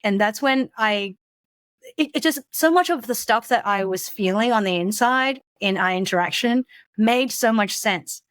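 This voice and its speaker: A woman guest telling a personal story in a halting, reflective way, with frequent restarts and soft laughs. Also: on the high side, no room sound. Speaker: podcast guest.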